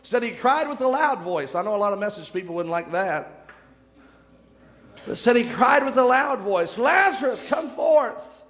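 A man's voice: high-pitched, lively intonation, moderate pace, long pauses, a bit bright, long reverb tail. A young man preaching a sermon, retelling scripture stories with dramatic shifts in pace.

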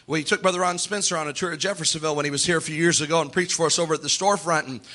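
A man's voice: fairly high pitch, fairly even intonation, racing, bright, forceful tone. A male pastor preaching a sermon in a church, fervent, acting out the voices of people he quotes.

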